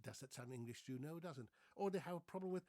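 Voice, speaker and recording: Dutch-accented man, higher voice, dry sound. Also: animated, racing, dark tone, dry recording. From Netherlands. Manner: playful, mocks accents with exaggerated bursts. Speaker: vlogger. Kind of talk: casual explanatory monologue.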